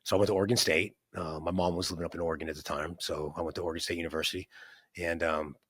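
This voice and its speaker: Fast-talking deep-voiced man telling his story. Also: flat delivery, a bit bright, slight background noise. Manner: rambling, many fillers and restarts, frequent "right?". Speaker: interview guest, entrepreneur. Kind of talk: conversational storytelling.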